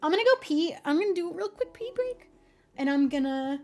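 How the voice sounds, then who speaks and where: A young woman streaming from home, chatting casually with viewers, laughing often and speaking in a gentle, encouraging way. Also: very high-pitched, sing-song, fairly quick, soft background music. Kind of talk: casual chat reading viewer messages.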